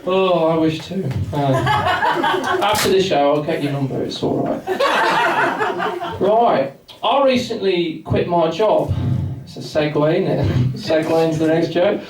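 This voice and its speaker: High-voiced young English comic, echoey pub. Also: male voice, sing-song, unhurried, far from the mic, background noise. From England. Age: 20s. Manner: rambling, self-mocking, banters with the crowd. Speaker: stand-up comedian. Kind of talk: stand-up comedy set. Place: pub function room with a live audience. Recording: echoey pub room recorded from afar. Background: audience laughter and chatter.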